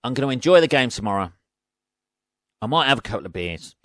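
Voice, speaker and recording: Fast and very animated, an English podcast host talks alone in a mid-range voice, cursing freely, joking darkly and playing both parts of imagined exchanges as he rambles. The studio-quality audio has no room sound.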